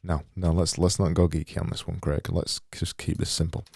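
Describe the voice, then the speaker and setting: A man with a deep, mellow voice narrates his own design work in a casual, half-muttered inner monologue. He talks slowly and pokes fun at himself as he goes. The sound is close and dry, with no room around it. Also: flat delivery, vocal fry, breathy edge, dry recording. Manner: thinking aloud, muttering, self-deprecating. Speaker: graphic designer making visuals. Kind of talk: casual screen-recorded work commentary.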